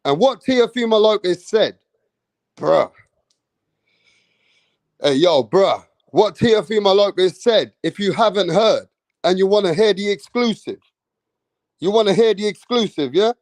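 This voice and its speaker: A man giving casual boxing commentary, excitable and slangy, repeating himself for emphasis. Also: high-pitched, unhurried, long pauses, no room sound.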